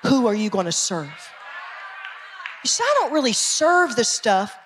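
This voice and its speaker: A woman pastor with an American country accent, preaching a fervent sermon that swings from shouting to quiet asides. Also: a little high, very animated, a little slow, a crowd in the background, background noise. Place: church sanctuary. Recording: echoey church hall.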